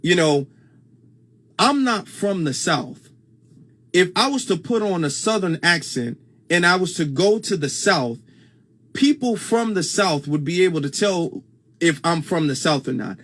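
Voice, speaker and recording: A man's voice: on the high side, lively intonation, measured pace, fairly bright tone. A man hosting a casual livestream commentary, talking conversationally, repeating his points and reading comments aloud. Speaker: host.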